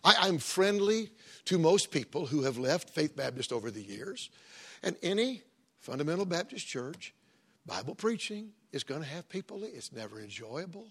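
Folksy pastor, husky voice. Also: male voice, a little high, sing-song, normal speed, sharp tone. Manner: folksy, conversational preaching with joking asides. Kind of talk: sermon.

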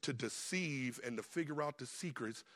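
A man preaching a sermon as the pastor, telling a Bible story in a casual, lively way, laughing often and acting out the characters. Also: medium pitch, moderate pace.

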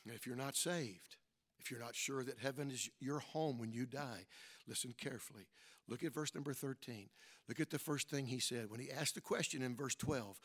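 A middle-aged man preaching a sermon, asking the congregation questions and punctuating points with amens, swinging between soft and loud emphatic lines. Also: medium pitch, normal speed. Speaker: pastor.

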